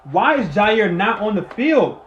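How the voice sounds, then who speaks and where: A man giving live play-by-play and reaction to a football game, excitable, swinging from muttering to shouting and cussing, talking while eating. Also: sits high, unhurried, echoey room, muffled recording, a little hiss or hum.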